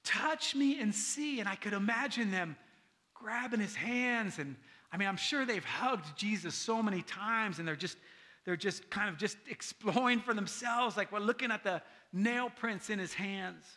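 A man's voice: high voice, normal speed, bright, forceful tone. A man pastor giving a casual, conversational sermon, often asking his listeners "right?" and acting out the people he quotes.

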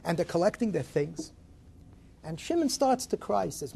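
A man giving a Torah lecture, dramatic and animated, swinging between loud rises and soft drops. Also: high voice, moderate pace, gravelly, breathy edge. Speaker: Torah teacher.

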